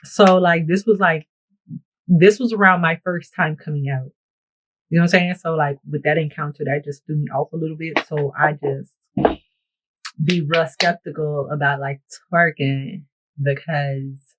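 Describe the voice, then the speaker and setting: A woman vlogger chatting casually to her viewers while getting ready, telling stories in a playful, animated way and often asking if they know what she's saying. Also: deep voice, a little slow, poor audio. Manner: playful, animated storytelling with frequent laughs. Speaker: beauty vlogger. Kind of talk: get-ready-with-me casual chat.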